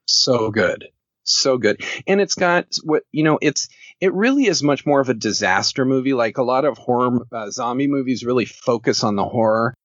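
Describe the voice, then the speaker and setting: A man's voice: medium pitch, lively intonation, fairly quick, no echo. A man talking casually as a podcast guest, joking and rambling and laughing often. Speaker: podcast guest, horror author. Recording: dull lo-fi podcast audio.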